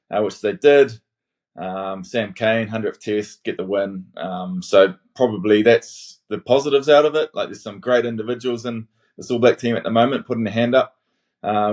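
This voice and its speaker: Low-voiced New Zealand man, relaxed analysis. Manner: relaxed, hesitant, many fillers, measured analysis. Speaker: guest former rugby player. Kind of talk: casual podcast chat, calling in online.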